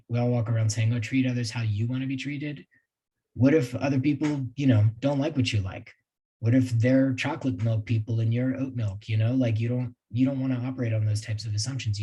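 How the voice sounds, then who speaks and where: Mellow, husky-voiced man teaching a webinar. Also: medium pitch, rough recording. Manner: conversational, with asides and self-deprecating laughs. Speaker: sales trainer presenting a webinar. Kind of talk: casual live webinar talk.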